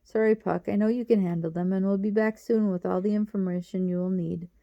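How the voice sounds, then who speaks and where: A woman's voice: mid-range voice, fairly even intonation, brisk, vocal fry, lo-fi sound, close to an everyday voice. A woman reading the lines of a bold, impatient young girl in an urgent, direct way.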